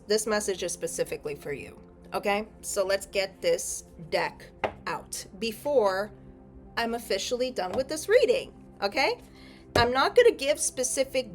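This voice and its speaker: A young woman giving a casual tarot reading, rambling and correcting herself, often checking in with "okay?". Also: on the high side. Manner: chatty, rambling, frequent self-corrections and "okay?". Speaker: tarot reader.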